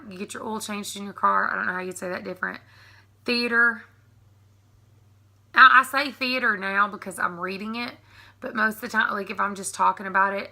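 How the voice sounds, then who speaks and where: Bright Southern woman from East Tennessee. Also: medium pitch, vocal fry. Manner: chatty, laughs often, reads words off a list. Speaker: YouTube creator. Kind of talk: casual accent tag vlog.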